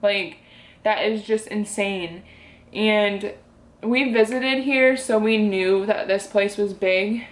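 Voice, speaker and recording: A woman's voice: medium pitch, slow pace. A young woman from Michigan talking casually to her camera as a vlogger, rambling and heartfelt with lots of fillers. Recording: roomy echo.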